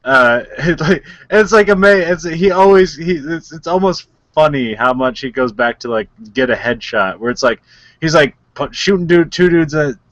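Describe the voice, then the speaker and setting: A man's voice: on the high side, animated, moderate pace, a bit bright, no room sound, dull audio. Rambling man chatting, dry close sound. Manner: rambling, heavy on "like" fillers, laughs often. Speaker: podcast co-host. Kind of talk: casual chat.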